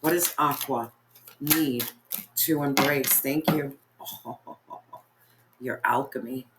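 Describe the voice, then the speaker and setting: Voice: medium pitch, steady tone, slow pace, heavy background noise. A tarot reader giving a spiritual reading in an earnest, encouraging way, speaking straight to the viewer and often repeating phrases for emphasis.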